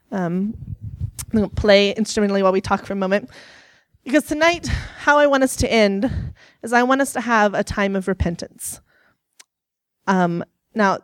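A woman's voice: mid-range voice, dry recording. A young adult woman giving an earnest sermon, telling a personal story to her listeners. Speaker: youth speaker.

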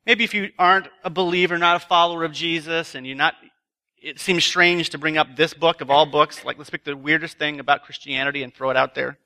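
Bright-voiced man preaching at a retreat. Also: on the high side, fairly even intonation, brisk. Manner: self-deprecating, chatty storyteller. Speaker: retreat speaker. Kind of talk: sermon with a humorous personal story. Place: live talk before an audience.

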